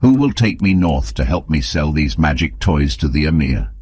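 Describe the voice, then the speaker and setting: A man voicing a wild, loud, mad wandering priest who declaims to a crowd in an audiobook. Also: very deep voice, expressive, moderate pace, husky, dry recording, clean studio sound, heavily acted. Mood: ranting.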